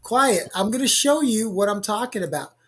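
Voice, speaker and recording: A man's voice: high-pitched, animated, fairly quick, heavy background noise. A man producing and co-hosting a livestream, chatting casually in a teasing, exasperated way over a video call.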